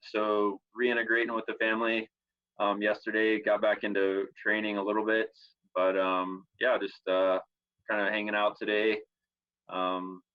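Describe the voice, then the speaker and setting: A man answering interview questions over a video call, relaxed and rambling with plenty of fillers. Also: lowish voice, clear, resonant tone, muffled recording. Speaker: guest athlete. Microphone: computer on a video call.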